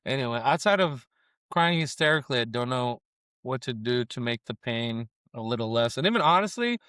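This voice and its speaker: A man's voice: mid-range voice, animated, brisk, a bit bright, clean tone, dry recording, studio quality. Middle-aged man, profane and grieving. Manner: profane, rambling, shifting between eating noises and sad confession. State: grieving, close to tears. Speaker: food vlogger and comedian. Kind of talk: casual food review vlog. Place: on camera at a taco restaurant.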